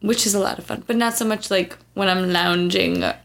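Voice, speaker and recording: A woman's voice: medium pitch, a little fast, a bit bright. A young woman in her twenties with a Chicago-area Midwestern accent, co-hosting a podcast in playful, self-mocking chat. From near Chicago. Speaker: podcast co-host. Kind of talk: casual chat.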